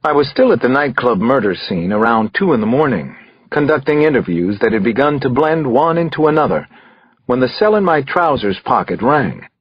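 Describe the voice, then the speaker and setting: Expressive male thriller narrator. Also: medium pitch, normal speed, breathy edge, no echo, dull audio. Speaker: audiobook narrator.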